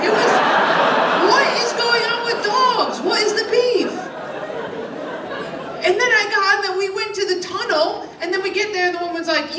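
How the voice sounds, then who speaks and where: A woman's voice: very high-pitched, expressive, moderate pace. A woman performing a stand-up set in a club, rambling crudely and chatting with the audience, laughter behind her. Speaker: stand-up comedian. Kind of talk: stand-up set with crowd work. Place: comedy club stage, live audience. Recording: roomy live club sound from a distance, loud crowd and noise.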